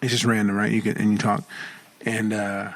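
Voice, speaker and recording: A man co-hosting a podcast, telling stories in a jokey, animated way. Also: on the low side, moderate pace, vocal fry, rough recording. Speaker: podcast co-host. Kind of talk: casual chat.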